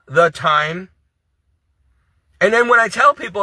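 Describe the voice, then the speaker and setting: A man's voice: high voice, big pitch swings, unhurried, long pauses, sharp tone, breathy edge, dry recording. A man giving an emotional, exasperated to-camera monologue about his faith and troubles, pleading and distressed. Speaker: Catholic video creator.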